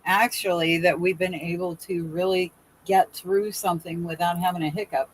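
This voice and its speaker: A woman's voice: fairly low pitch, fairly even intonation, normal speed, slight background noise, poor audio. A woman guest on a video call, talking earnestly and reflectively about spiritual balance in a casual chat.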